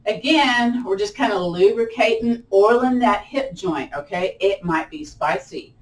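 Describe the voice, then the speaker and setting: A woman's voice: mid-range voice, expressive, measured pace. Woman, lilt, chair yoga instructor, chatty and encouraging, echoey room, distant mic. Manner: chatty and encouraging, playful whoops during holds. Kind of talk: live online exercise class instruction. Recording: roomy echo, mic at a distance.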